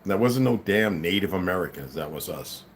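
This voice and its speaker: A man speaking live to his viewers in a combative monologue, dropping to low mutters and rising to loud, emphatic outbursts, with occasional laughs and repeated words. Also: expressive, a little fast, a little hiss or hum. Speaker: livestream commentator.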